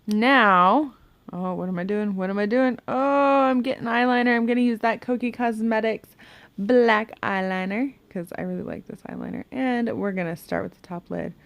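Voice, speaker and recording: Woman, low gravelly voice, chatty makeup tutorial, dry close sound. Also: moderate pace, no echo. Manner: chatty, talks to herself while working, hums and mutters. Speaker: beauty vlogger. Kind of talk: casual makeup tutorial chat. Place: home bedroom.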